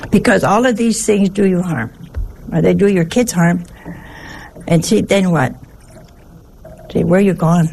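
A nun giving a sermon, folksy and humorous, with many rhetorical asides. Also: female voice, lowish voice, measured pace, gravelly, pauses often, a little mellow, slight background noise, rough recording. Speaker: nun giving a religious talk. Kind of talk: sermon with personal anecdotes.

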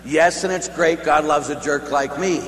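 Speaking at a normal pace, a male priest with a fairly high, fairly bright voice shares a personal anecdote during a retreat talk. He acts out quotes and builds emphasis, and the hall he is in is echoey, with long reverb and a faint hum.

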